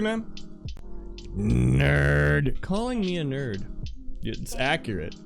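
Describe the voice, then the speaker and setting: A man's voice: mid-range voice, animated, a little slow, vocal fry, pauses often, faint music behind. Chatty man on a live stream. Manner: chatty, laughs often, trails off and restarts. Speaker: livestreamer. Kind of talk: casual live-stream chat with viewers.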